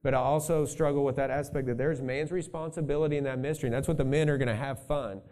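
A man's voice: medium pitch, fairly even intonation, fast talker, dark tone. A male pastor preaching a sermon in a conversational way, thinking aloud and adding asides to his congregation.

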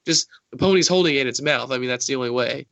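A man's voice: medium pitch, fast talker, creaky, a bit bright, no room sound, muffled recording. A man co-hosting a podcast, rambling through a silly hypothetical with lots of fillers. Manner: rambling, filler-heavy speculation. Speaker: podcast co-host. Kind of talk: casual chat.

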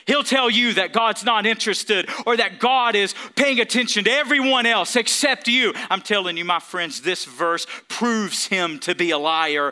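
A man's voice: high voice, normal speed, few pauses, bright, forceful tone, smooth. A man preaching a sermon, emphatic, calling out to the congregation for responses. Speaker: pastor.

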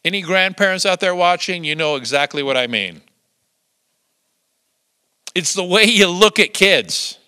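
An older man preaching with a high, bright, forceful voice that rises and falls a great deal. He tells lively stories with chuckles along the way. The sound is close and dry. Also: unhurried, long pauses, smooth, no room sound. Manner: lively storytelling with chuckles and acted-out quotes. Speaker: pastor. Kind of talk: sermon.

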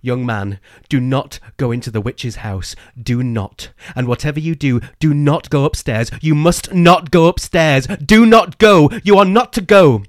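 A man reading aloud in the voice of a troubled man who urgently warns a small child, growing louder and more insistent. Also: a little high, measured pace, few pauses, dry recording, studio quality, pitched above the performer's own voice, lightly acted. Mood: urgent alarm. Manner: insistent, rising to shouting.

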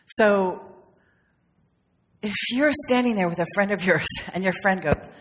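A woman's voice: medium pitch, a little slow, pauses often. A woman minister giving a conversational, humorous sermon, with playful acted asides. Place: church sanctuary. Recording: long reverb of a sanctuary.

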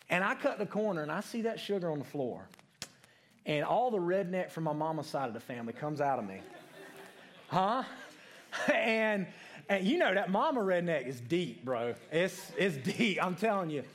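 A young man preaches to his congregation and speaks to people in it by name. His voice sits a little high, and he shifts between loud, excited bursts and quiet, confessional stretches. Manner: storytelling, animated, addresses congregation by name. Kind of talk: sermon.

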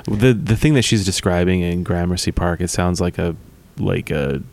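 A man's voice: low-pitched, moderate pace, darkish tone. A man co-hosting a casual podcast, reacting with exclamations and running commentary. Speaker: podcast co-host. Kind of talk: casual chat.

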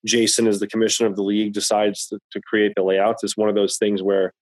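A man's voice: lowish voice, completely flat delivery, quick pace, dry recording, rough recording. A man chatting casually as podcast host, rambling and repeating words as he thinks. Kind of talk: casual chat.

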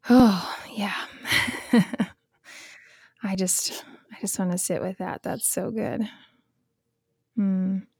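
A woman's voice: mid-range voice, steady tone, very slow, long pauses, dark tone, breathy edge, no room sound. Affirming woman host, dry close sound. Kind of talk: casual podcast conversation.

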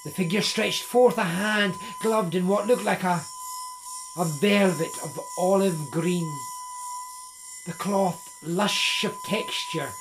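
A man narrating a story in a measured way, with small restarts. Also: sits high, fairly even intonation, over music.

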